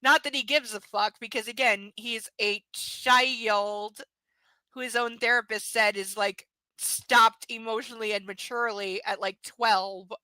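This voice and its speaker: A woman reading a romance novel aloud on a live stream, breaking off for sarcastic, mocking asides and dipping into soft whispers. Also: on the high side, steady tone, moderate pace, no echo, rough recording. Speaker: live-stream book reader.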